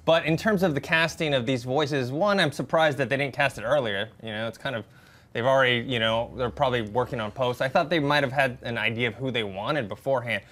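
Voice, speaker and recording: Male movie panelist, casual and measured, voice in the middle range. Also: mid-range voice, fairly bright tone. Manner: measured, hesitant, with many restarts.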